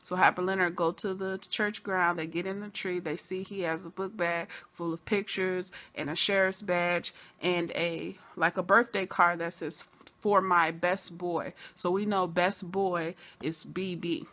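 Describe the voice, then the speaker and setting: A woman giving a chatty, casual recap of a TV episode, full of "you know" asides and sudden bursts of excitement. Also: on the low side, a little slow, few pauses. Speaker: TV episode reviewer.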